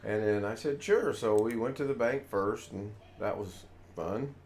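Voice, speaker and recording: An American show host leads a casual live chat, spinning a long, rambling anecdote and acting out what people said. His voice is on the low side and measured in pace, with heavy background noise.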